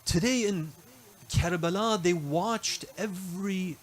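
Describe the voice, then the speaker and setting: A man's voice: high voice, slow. A man preaching a mourning sermon in a mosque, earnestly addressing the congregation.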